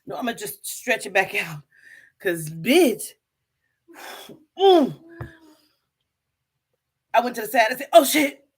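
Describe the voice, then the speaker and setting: Animated husky woman telling a story. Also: mid-range voice, slow, pauses often. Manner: animated, profane, bursts of laughter. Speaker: vlogger. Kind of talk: casual comedic storytelling to camera.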